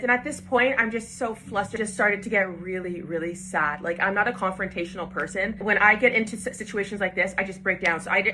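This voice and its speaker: Young woman, bright voice, upset and emphatic casual storytime delivery. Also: mid-range voice, a little hiss or hum. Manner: upset, emphatic retelling with quoted dialogue. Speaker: storyteller recounting a salon incident.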